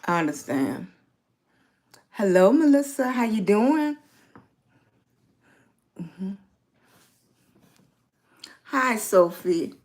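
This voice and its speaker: A woman's voice: on the high side, very animated. A middle-aged woman with a Virginian Southern accent, chatting casually on a livestream, greeting viewers by name and spelling them out. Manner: slow, warm greetings to chat, spells out viewer names. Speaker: lifestyle livestreamer.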